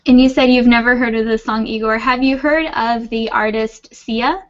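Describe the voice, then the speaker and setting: A woman's voice: on the high side, steady tone, normal speed, highs cut off. A woman teaching an English class over a video call, patient and reassuring. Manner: patient, reassuring, laughs often. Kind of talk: online class, friendly explaining.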